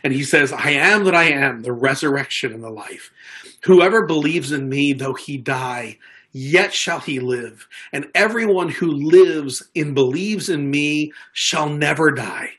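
This male pastor's voice sits fairly high and sounds quite bright, and he takes his time. His sermon feels like conversation, full of stumbles, restarts and repeated words, with quoted lines performed aloud.

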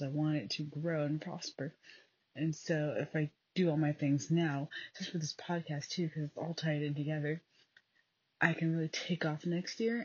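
Hushed, rambling woman podcaster, husky and low. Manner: rambling, chatty, many fillers and restarts; quiet, hushed at night. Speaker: podcast host. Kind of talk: casual solo podcast chat. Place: home at night. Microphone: phone. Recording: dull lo-fi phone recording.

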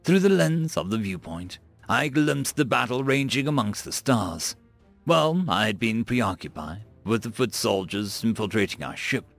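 A man narrating a science-fiction audiobook in a dramatic, expressive manner. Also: on the low side, measured pace, creaky. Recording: dry close mic with faint music.

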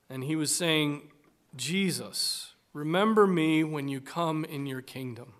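A male preacher delivering a sermon, reading scripture slowly and deliberately with dramatic, emphatic swells. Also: on the high side, fairly bright tone.

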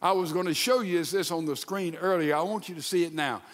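A high-voiced man delivers a sermon in an animated style. He acts out the quoted lines and sometimes drops to a hushed voice. His voice carries a long reverb from a large sanctuary. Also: brisk. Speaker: pastor. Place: church sanctuary.

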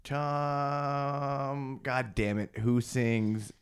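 A man's voice: medium pitch, expressive, moderate pace. A man on a casual comedy podcast, cutting in with short, crude one-liners. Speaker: podcast co-host.

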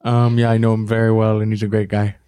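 A man on a comedy podcast doing an impression of a famous older male comedian, delivering flippant, deadpan jokes in character. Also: on the low side, fast, clean tone, close to an everyday voice.

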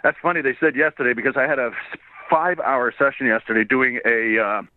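A man from Canada, slightly hoarse, telling rambling stories as a guest voice actor, laughing often and acting out quoted voices. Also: mid-range voice, fairly even intonation, fairly quick. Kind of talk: casual interview storytelling. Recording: tinny phone line.

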